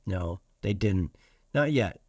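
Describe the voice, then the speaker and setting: A man's voice: fairly low pitch, animated, slow pace, darkish tone, husky, no room sound. A man from Iowa hosting a solo podcast, talking earnestly and stressing points by repeating phrases. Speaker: podcast host.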